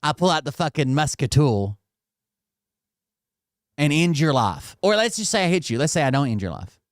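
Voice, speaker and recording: Man, reaction commentary host, sarcastic, swearing, lively pitch, slightly high. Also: moderate pace, no room sound, clean studio sound. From Tennessee. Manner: sarcastic, mocking, swears freely.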